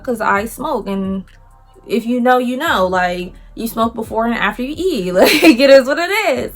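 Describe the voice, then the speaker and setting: A woman vlogger telling a casual story in a lively way, acting out what other people said and using a lot of slang. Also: medium pitch.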